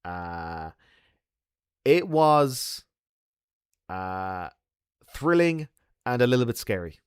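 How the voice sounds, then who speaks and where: A man's voice: mid-range voice, big pitch swings, drawn-out words, smooth, dry recording. An Irish man hosting a loose, casual chat with his viewers from a bar. He jokes and laughs easily as he talks. The sound is dry and close. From Ireland. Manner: chatty, joking, laughs often. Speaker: host.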